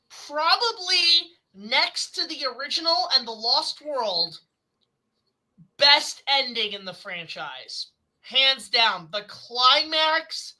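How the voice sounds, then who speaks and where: High, very bright woman, excitable film reviewer, casual. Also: rough recording. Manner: excitable, enthusiastic, swears casually.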